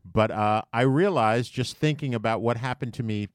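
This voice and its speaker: A man's voice: mid-range voice, normal speed, dry recording, studio quality. Man casually telling a rambling story. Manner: rambling, self-mocking, with fillers. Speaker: podcast co-host. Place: basement studio. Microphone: large studio microphone.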